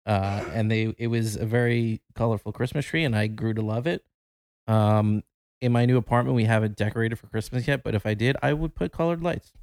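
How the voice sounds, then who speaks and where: A man's voice: on the low side, steady tone, brisk, a little mellow, dry recording, clean studio sound. A man co-hosting a podcast, chatting in a playful, wry way. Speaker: podcast co-host. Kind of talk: casual chat.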